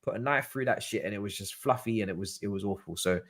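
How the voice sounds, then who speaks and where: A man telling a story as a guest in a casual chat, slangy and animated. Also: fast. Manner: animated, slangy storyteller with lively pitch swings. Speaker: podcast guest.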